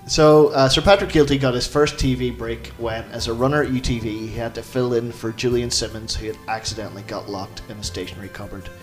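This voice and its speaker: A man's voice: medium pitch, fairly even intonation, quick pace, few pauses, soft background music. A man hosting a casual comedy chat show, joking and laughing as he runs a quiz. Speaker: podcast host.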